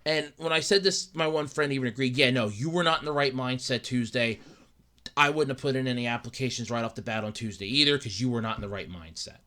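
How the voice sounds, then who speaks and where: Young male podcast host, bright tone, rambling and upset, stumbles and repeats himself. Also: mid-range voice, quick pace. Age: young adult. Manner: rambling, repeats words, acts out his own thoughts. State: upset and dejected. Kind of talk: casual solo podcast rant.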